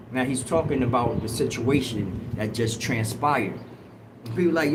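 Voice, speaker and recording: A man telling a prison story on a livestream, emphatic and animated, with a lot of swearing. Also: mid-range voice, brisk. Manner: animated, emphatic street talk with profanity. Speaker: host. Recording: noisy background ambience.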